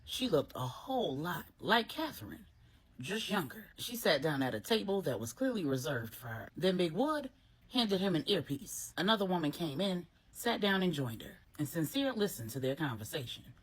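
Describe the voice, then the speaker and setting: A woman reads a grown-up bedtime story in a steady, expressive way. Her voice sits low and has a husky edge, and her pitch moves about a lot as she goes. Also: moderate pace. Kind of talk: scripted story narration.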